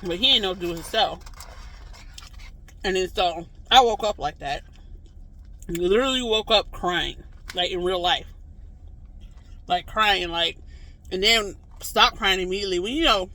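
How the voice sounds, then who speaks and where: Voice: mid-range voice, moderate pace, long pauses. A vlogger telling a story casually to the camera, rambling with lots of "like" and "you know" and acting out reactions. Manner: animated, acts out reactions in quotes.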